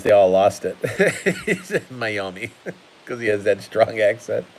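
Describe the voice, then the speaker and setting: A man's voice: fairly low pitch, darkish tone, rough recording. A man hosting a casual card-collecting live stream, chatty and laughing often while he sorts cards at his table.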